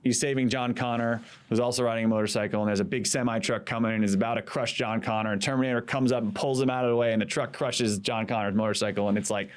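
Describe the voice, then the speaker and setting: A man in his thirties, a former campaign manager, telling animated stories in casual podcast chat, acting out quotes and swearing freely. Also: mid-range voice, fast talker, hardly any pauses, clean tone.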